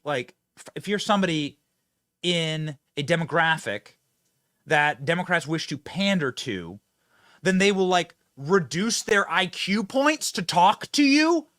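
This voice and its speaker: A man's voice: high voice, a bit bright. A male host giving mocking, sarcastic political commentary.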